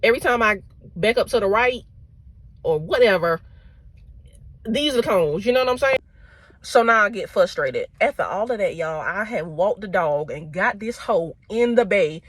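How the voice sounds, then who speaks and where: A woman's voice: medium pitch, expressive, moderate pace, husky, no room sound. A young woman truck driver, telling a story casually and animatedly, often laughing and quoting others.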